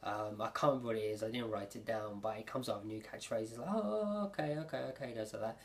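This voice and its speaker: Rambling, excitable young-sounding man recapping. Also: fairly low pitch, rapid-fire. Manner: rambling, filler-heavy, excitable. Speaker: anime reviewer. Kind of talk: casual episode recap.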